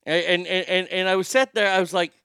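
A middle-aged man hosting a show, telling a story in a loose, profane rant. He keeps stammering and restarting, and his voice is bright and clear. The room sounds dry and close. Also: sits high, fairly even intonation, fairly quick, dry recording. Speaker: show host. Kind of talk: casual ranting monologue.

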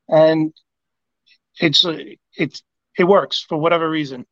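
High-voiced man on dull, dry audio. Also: fairly even intonation, moderate pace, pauses often, a bit bright, dry recording. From New York. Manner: storytelling, acting out both sides of a past encounter. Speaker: podcast co-host. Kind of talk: casual podcast chat.

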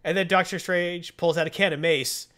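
A man's voice: high voice, steady tone, moderate pace, a bit bright. A man hosting a casual chat, retelling a comic book story and acting out the characters' lines. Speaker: comic book podcast host.

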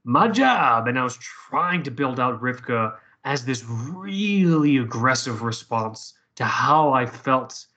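A man's voice: mid-range voice, expressive, slow, few pauses, bright, forceful tone. A man telling a personal story in casual conversation, profane and rambling with many restarts.

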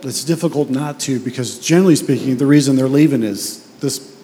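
A man's voice: medium pitch, fairly quick, mellow, long reverb tail, a little hiss or hum. A man preaching as pastor, earnest and conversational, often restarting his sentences. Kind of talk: sermon.

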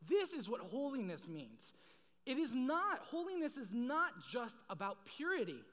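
Preaching at a slightly slow pace, the young man's high voice echoes at length around a large hall. His sermon is casual and playful, full of jokes, stories and lively back-and-forth with the crowd.

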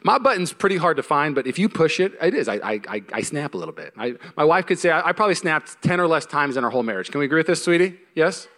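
A male pastor preaching a sermon to a congregation, emphatic and animated, swinging between loud punchy lines and hushed ones, with humorous storytelling. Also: a little high, fast, hardly any pauses. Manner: humorous storytelling with acted-out asides. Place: church service before a congregation.

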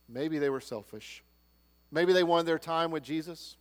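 A man preaching a sermon, swinging between loud proclaiming and hushed, low-spoken lines. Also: a little slow. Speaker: pastor. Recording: long hall reverb.

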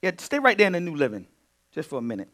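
High bright voice, pastor guy preaching, gets loud then soft again. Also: rapid-fire. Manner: animated preaching, swings from quiet asides to loud emphatic bursts. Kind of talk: teaching sermon.

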